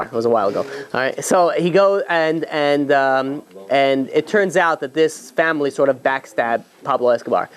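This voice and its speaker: A male rabbi giving an animated storytelling sermon, talking straight to his listeners with many restarts. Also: medium pitch. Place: speaking in New York.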